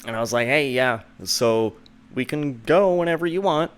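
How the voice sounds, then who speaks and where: A man hosting his own show, telling a rambling personal story full of "like" and "and then," putting on a higher voice to mock what others said. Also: normal speed, clean tone. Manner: mocks the friend's lines in a higher voice. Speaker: show host. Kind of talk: casual storytelling.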